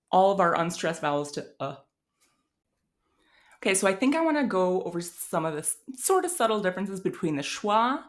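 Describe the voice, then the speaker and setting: A woman from Wisconsin with a Midwestern American accent, giving a casual pronunciation lesson, thinking aloud with fillers and demonstrating sounds. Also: lowish voice. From Wisconsin, USA. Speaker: language teacher.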